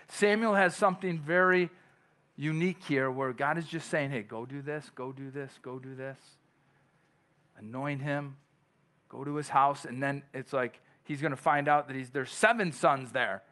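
A man's voice: on the high side, moderate pace, a bit bright. A male pastor preaching a sermon in a conversational way, with frequent restarts and long scripture readings. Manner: reads scripture aloud.

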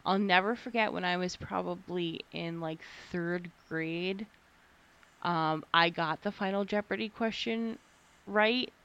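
A woman's voice: lowish voice, a little slow, a bit bright, clean tone, highs cut off. Chatty young woman, rambling and laughing. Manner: chatty, rambling, laughs often, swears casually. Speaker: podcast co-host. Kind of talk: casual chat.

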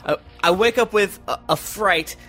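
A man playing his character in a tabletop role-playing game, animated and laughing often, close to the microphone. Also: sits high, brisk, faint music behind. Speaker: player.

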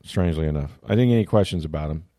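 A man's voice: rumbling low, very fast, mellow, dry recording, clean studio sound. A middle-aged man hosting a sports talk show, telling a story in a casual, rambling way and interrupting himself often. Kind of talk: casual chat.

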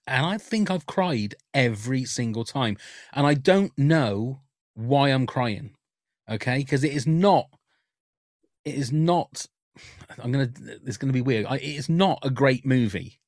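A man chatting on a podcast, voice at an ordinary middle pitch and recorded close and dry with no room sound. He tells candid stories and often restarts his sentences as he goes. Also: expressive, a little slow, darkish tone, dry recording. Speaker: podcast guest. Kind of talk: casual podcast chat.

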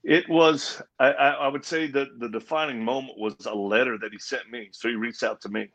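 In a steady, brisk, slightly bright voice of medium pitch, a man recounts his personal testimony during an interview at a live event in a Christian coffee house. He's earnest throughout and dramatizes the quoted lines.

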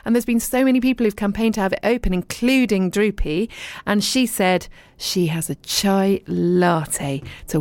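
A woman's voice: mid-range voice, moderate pace. A middle-aged woman presenting a chatty local radio show from the studio, bubbly and talkative. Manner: bubbly, chatty, warm asides. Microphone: studio microphone.

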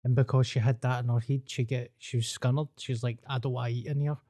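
A man's voice: medium pitch, level tone, fast, warm tone. A Glaswegian Scottish man co-hosting a casual comedy podcast, telling laid-back, dry anecdotes. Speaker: podcast co-host.

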